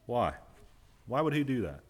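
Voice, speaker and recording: A man's voice: mid-range voice, sing-song, normal speed, husky. Man preaching a sermon, asking and answering. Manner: asks the congregation questions and answers them; stresses key words by repeating them.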